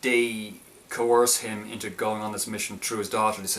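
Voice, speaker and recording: A man's voice: on the low side, little pitch movement, normal speed, fairly bright tone, distant mic. A man casually reviewing a film, talking in a hesitant, stop-start way with many restarts.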